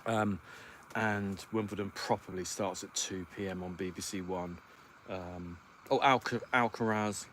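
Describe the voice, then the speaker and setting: A man hosts a relaxed solo livestream from home, letting his thoughts wander aloud and filling the gaps with ums. His voice sits on the low side. A faint hiss runs underneath. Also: measured pace. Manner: rambling, thinks aloud with many ums. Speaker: podcast host. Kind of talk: casual solo livestream chat.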